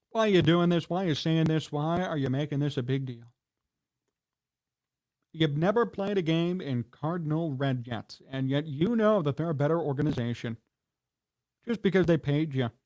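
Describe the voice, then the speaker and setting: A man with a fairly high voice hosts a live sports talk stream. He rants in a heated, indignant way and scolds the people he talks about. His voice runs above most men's. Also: expressive, normal speed, pauses often, darkish tone. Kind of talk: livestream sports rant.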